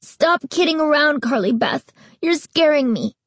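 A woman voicing a frightened young boy who pleads and stammers in a high voice, for a storybook reading. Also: big pitch swings, slow, sharp tone, no room sound, full character voice. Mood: angry. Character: frightened young boy, whiny little brother.

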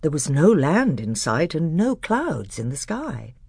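Low, husky woman reading a storybook. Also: measured pace, no room sound, clean studio sound. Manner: expressive storytelling. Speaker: narrator. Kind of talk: audiobook reading.

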